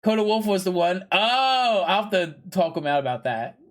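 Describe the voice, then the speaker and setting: A man's voice: sits high, very animated, normal speed. A man streaming a video game, chatting casually with viewers in a rambling way, full of fillers and playful plugs. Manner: pushy, playful plugging. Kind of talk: casual live-stream chat.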